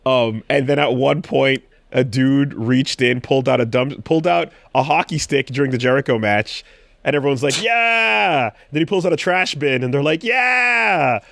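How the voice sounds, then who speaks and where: A man in loose podcast chat, recounting a live event with excitement and lots of swearing. His voice sits in a middle register and sounds dry and close to the mic, with no room around it. He jumps into loud quoted crowd cries as he tells it. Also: medium pitch, a little fast, vocal fry, no echo. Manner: excited storytelling, animated quotes, frequent swearing. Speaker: podcast co-host. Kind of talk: casual chat.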